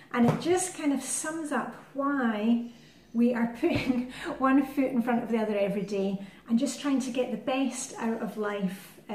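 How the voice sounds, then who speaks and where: Chatty woman vlogger, slightly high voice. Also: distant mic. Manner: chatty and warm-hearted, with frequent fillers. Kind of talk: casual chat and poem reading. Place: living in Denmark. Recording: roomy echo.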